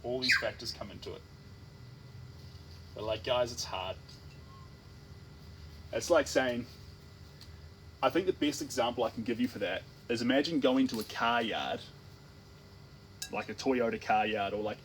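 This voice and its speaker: A man's voice: mid-range voice, measured pace, pauses often, a bit bright, a little hiss or hum, low-quality recording. A man with a New Zealand accent, an artist chatting casually on a livestream while he paints, rambling and playful. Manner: rambling, playful, full of restarts and tangents.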